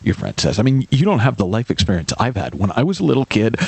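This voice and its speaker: A male radio host with a gravelly edge and a lively, swooping delivery. He tells a story with emphasis and acts out its characters. The sound is dry and close, as if from a studio booth. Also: on the low side, fast talker, hardly any pauses, no echo. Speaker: radio show host and life coach. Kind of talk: radio call-in show monologue.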